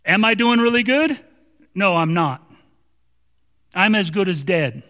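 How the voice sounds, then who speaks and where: A man's voice: high-pitched, slow, long pauses, bright, forceful tone, in a large hall. A man preaching a sermon in an emphatic, conversational way, often restarting his words.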